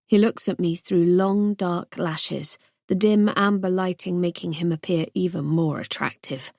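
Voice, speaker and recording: A woman reads a first-person thriller audiobook in a tense, measured voice. She takes her time, letting each line land slowly. The recording is close and dry, with no room sound behind her. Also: on the low side, steady tone, creaky, a little mellow, no room sound. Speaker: audiobook narrator.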